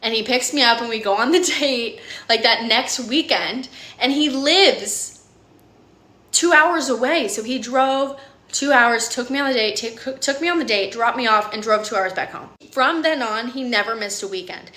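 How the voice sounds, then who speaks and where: A woman in her thirties earnestly telling a personal dating story, animated and full of "like" and "literally". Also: fairly high pitch, normal speed. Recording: echoey room.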